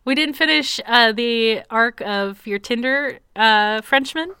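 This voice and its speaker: A woman's voice: fairly high pitch, takes it slowly, bright, forceful tone, clean tone, no room sound. A woman co-hosting a podcast in casual chat, with dry, teasing banter. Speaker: podcast co-host.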